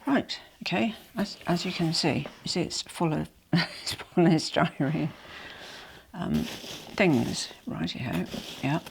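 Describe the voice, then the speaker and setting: A woman's voice: low-pitched, animated, slow pace, creaky, slight background noise. A woman with a cold and a nasal voice, a bit out of breath, chatting and rambling apologetically to camera at home. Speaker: vlogger. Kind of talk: casual unboxing chat. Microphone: small microphone.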